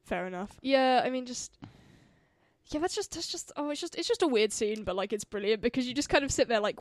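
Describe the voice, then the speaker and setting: A woman hosts a podcast in casual chat, rambling and piling on fillers. Her voice sits high and swings widely in pitch. The sound is close and dry, with no room around it. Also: lively intonation, brisk, no room sound. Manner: chatty, rambling, lots of fillers. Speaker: podcast host.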